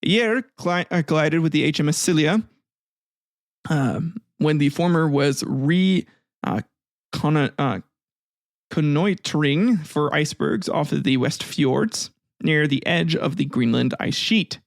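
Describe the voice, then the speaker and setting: A man's voice: a little high, unhurried, vocal fry, dry recording, studio quality. A man hosting a comedic history podcast, telling events in a profane, irreverent way and often laughing. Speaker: podcast host.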